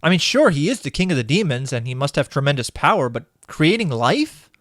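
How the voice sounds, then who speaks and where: A man's voice: a little high, big pitch swings, brisk, a bit bright, no echo, clean studio sound. A man hosting a comedic video game critique, narrating a script in a sarcastic, exasperated way. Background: game music.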